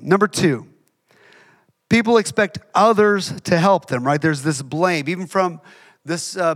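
High-voiced man preaching conversationally. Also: fairly bright tone. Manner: conversational, emphatic with repeated phrases. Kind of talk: sermon.

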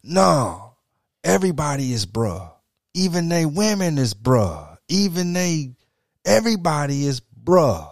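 Animated middle-aged man, dry sound. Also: fairly high pitch, unhurried, creaky, no echo. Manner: animated storytelling, slips into quoted voices. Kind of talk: casual profane chat.

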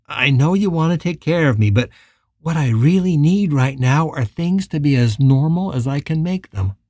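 A grieving man forcing himself to sound strong, his halting words snagging now and then, as the narrator reads him. The voice is mellow and a little husky, with no echo behind it. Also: on the high side, expressive, clean studio sound. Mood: strained. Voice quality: strained, halting. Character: grieving man putting on a brave face.

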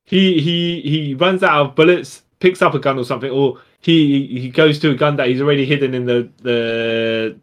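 Chatty male co-host, mid pitch, rambling delivery. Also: normal speed, hardly any pauses. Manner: rambling, restarts a lot, says yeah often. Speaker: podcast co-host. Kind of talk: casual chat.

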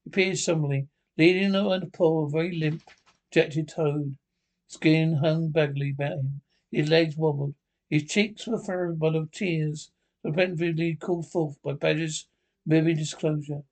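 A man reading a children's book aloud in an unhurried, halting way. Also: on the high side, fairly even intonation, darkish tone. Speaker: reader.

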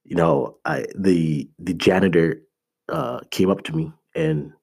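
A man's voice: deep voice, a little slow, vocal fry, darkish tone, breathy edge. A man from Canada, a motivational speaker and author, giving an earnest, emphatic talk. He talks conversationally, with lots of "like" and restarts, and he repeats his key phrases.

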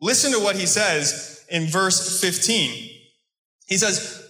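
A man's voice: high-pitched, takes it slowly, pauses often, pushed and bright. An American man preaching a sermon as pastor, in a conversational storytelling way. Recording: echoey room sound.

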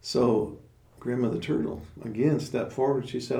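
A man telling a traditional tale in a relaxed, halting way with many fillers. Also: mid-range voice, gravelly. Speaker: storyteller. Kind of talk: oral storytelling. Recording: roomy, distant mic.

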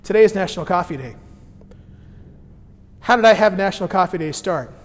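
A man with a notably high voice preaches a sermon as pastor, his words trailing into the long reverb of a big hall. He tells stories with animated swings, dropping soft and then bursting out loud. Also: brisk. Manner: animated storytelling with sudden swings between quiet and loud.

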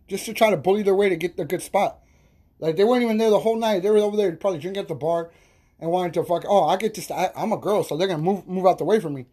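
A man's voice: sits high, husky. A man casually telling rowdy stories on his podcast, swearing freely and laughing as he goes. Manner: animated, profane, laughing storyteller. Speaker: podcast host. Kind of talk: casual storytelling monologue.

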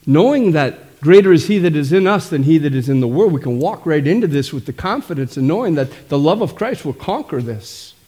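Middle-aged pastor, slightly high voice, punchy preaching with constant "amen?" calls. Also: male voice, animated, fairly quick, few pauses, warm tone, breathy edge. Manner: emphatic, frequent calls of "amen?". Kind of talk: sermon.

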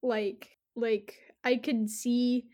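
A young woman chatting casually, retelling a dream in an animated, giggly way with lots of fillers. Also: a little high, drawn-out words.

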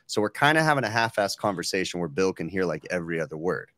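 A man co-hosting a podcast, telling a story over a remote call in a lively, swearing, casual way. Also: low-pitched, fast, no echo. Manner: animated, profane storyteller. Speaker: podcast co-host.

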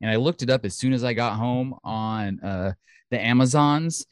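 A man co-hosting a podcast in casual chat, chatty, excitable and jokey. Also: mid-range voice, normal speed, smooth, no room sound, clean studio sound. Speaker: podcast co-host.

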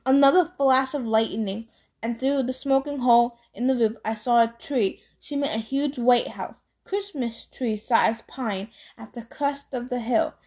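Woman reading a novel aloud, somewhat high. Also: unhurried, darkish tone. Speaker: audiobook reader.

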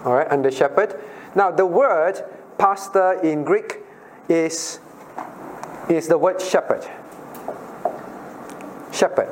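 Male pastor, higher voice, teaching a Bible class and quizzing listeners by name, repeats key points. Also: slow, long pauses, a little hiss or hum. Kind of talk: interactive Bible study teaching.

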